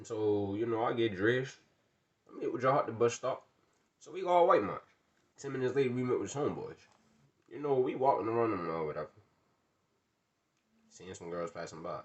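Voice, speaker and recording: A man telling a funny personal story in casual slang, acting out the dialogue and bursting into loud rants. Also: fairly low pitch, lively intonation, moderate pace, pauses often, highs cut off.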